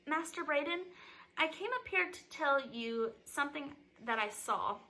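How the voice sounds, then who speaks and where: A woman's voice: sits high, expressive, unhurried, bright, forceful tone, pitched above the performer's own voice, exaggerated voice. Woman voicing a wary young servant girl, nervous, storybook reading. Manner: nervous, hesitant.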